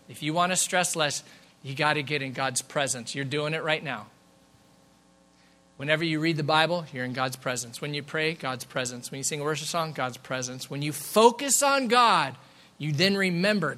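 A middle-aged pastor preaching in a church sanctuary in a high, bright voice. He talks to the congregation in a lively, conversational way and slips in quick asides. He sounds like he is speaking into a stage mic. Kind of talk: sermon.

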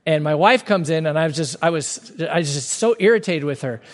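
A man preaching a sermon as pastor, earnest and emphatic, stretching key words slowly for weight. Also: on the high side, expressive. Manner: earnest, emphatic preaching with sudden slow-downs. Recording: long hall reverb.

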